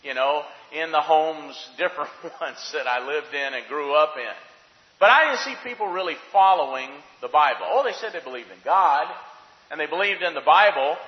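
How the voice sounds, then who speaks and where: A man preaching a sermon in a church hall, earnest and reflective, dropping from loud emphasis to quiet asides. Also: on the high side. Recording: roomy hall with long reverb, dull lo-fi sound.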